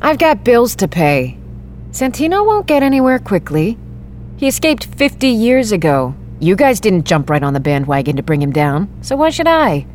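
A woman's voice: mid-range voice, very animated, moderate pace, a little mellow, slight background noise, close to an everyday voice. An actress playing a dry, sarcastic woman necromancer and bounty hunter. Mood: wry.

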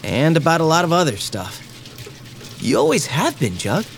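A man's voice: on the high side, big pitch swings, moderate pace. Fields: Figure: earnest teenage boy. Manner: eager. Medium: audio drama. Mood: sheepish. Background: music.

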